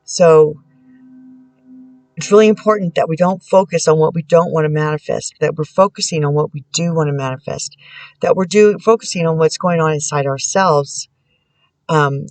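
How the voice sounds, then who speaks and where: Soft-spoken, halting woman doing a tarot reading. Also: low-pitched, no room sound. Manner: halting and soft-spoken, many pauses and restarts; gentle, prayerful. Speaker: tarot reader and spiritual channeler. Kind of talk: casual spiritual tarot reading. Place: indoors at home.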